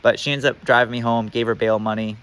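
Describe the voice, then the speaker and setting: A man's voice: medium pitch, level tone, fast, a bit bright, clean tone. A man telling a personal story in a casual, rambling way, full of fillers and swearing.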